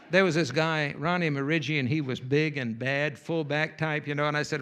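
A man's voice: fairly high pitch, fast, hardly any pauses, bright, forceful tone, slight background noise. A male pastor, preaching a sermon and telling a folksy, humorous story with playful asides.

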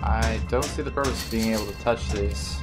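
Over game music, a gaming video host with a fairly low, fairly even voice talks fairly quickly while playing a horror game. His let's-play commentary is frustrated and sarcastic, with frequent swearing.

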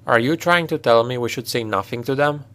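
A man reading a storybook voices a blunt, practical male mercenary captain who talks in a forceful, direct way. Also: medium pitch, brisk, close to an everyday voice. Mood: urgent.

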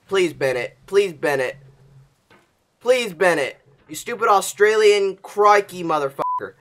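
A man commentating his own gameplay, cursing loudly in bursts and dropping to anxious muttering in between. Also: high voice, animated, unhurried, noisy background. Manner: profane, swings from explosive yelling to anxious muttering. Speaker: gaming channel host.

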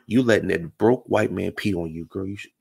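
A man with a gravelly voice, pitched a little low, hosts a reality show recap. He talks in a sassy, gossipy way and keeps calling his listeners baby and honey. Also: brisk, darkish tone.

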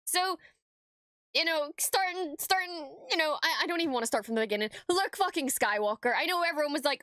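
A woman's voice: high voice, a little fast, pushed and bright, no echo, studio quality. A woman streamer reacting to a show, gushing and breathless, swearing freely and stammering when overwhelmed. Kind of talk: excited reaction commentary.

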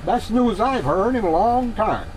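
A man with a high, lively voice co-hosts a casual political chat. He reads opinion pieces aloud slowly and deliberately. Faint noise sits behind him. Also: low-quality recording. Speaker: co-host.

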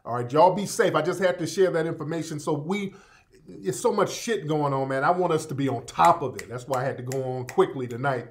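A man's voice: a little high, brisk. A man hosting a live broadcast in a loose, conversational way. He repeats his points and talks straight to his listeners, calling them family. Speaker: radio show host. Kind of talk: casual live broadcast talk.

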